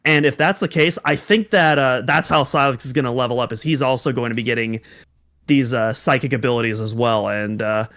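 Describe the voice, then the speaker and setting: A man's voice: mid-range voice, brisk, a bit bright. A young man co-hosting a casual podcast, talking in an easygoing, joking way and often hedging his points. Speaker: podcast co-host.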